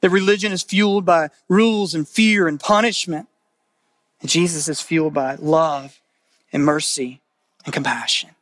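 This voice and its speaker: Preaching as a pastor, this man speaks with a voice on the high side and a steady tone at normal speed, with no room sound. He's earnest and conversational, repeating phrases to add weight and moving from loud, emphatic moments to soft, hushed ones.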